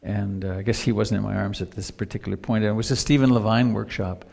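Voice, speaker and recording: A man's voice: fairly low pitch, steady tone, quick pace, gravelly, darkish tone. A man in his sixties, a meditation teacher giving a live dharma talk, telling personal stories reflectively. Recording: long hall reverb, live stream.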